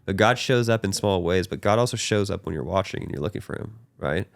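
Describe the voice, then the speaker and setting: Young male podcast host, deep and gravelly, earnest and animated. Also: fairly quick, dry recording. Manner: earnest, animated, talks with his hands in quoted voices. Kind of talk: casual faith chat.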